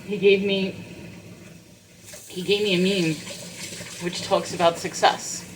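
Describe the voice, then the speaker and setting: In her kitchen, washing dishes, a woman vlogger vents about her struggles, tearful and fighting back crying. Her medium-pitched voice is slow with fairly even intonation. The rough recording carries a little hiss or hum.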